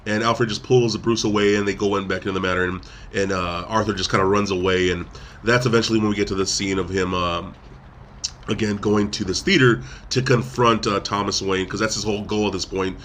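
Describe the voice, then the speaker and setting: Man, podcast host, low voice, rambling casual recap, faint background hiss. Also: fairly even intonation, brisk, a bit bright. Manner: rambling recap, acts out quotes. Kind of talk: casual movie review chat.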